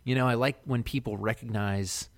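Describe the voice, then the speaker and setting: A man's voice: medium pitch, steady tone, normal speed, no room sound. A man co-hosting a podcast in casual chat, easygoing and upbeat with many fillers. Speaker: podcast co-host.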